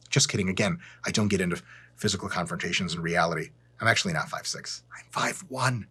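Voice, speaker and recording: Male fitness host, blunt and profane, deadpan jokes, slightly raspy voice. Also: low voice, quick pace. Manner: sarcastic and blunt, swears freely; deadpan asides. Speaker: fitness educator hosting his channel. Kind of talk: profane, joking educational rant to camera.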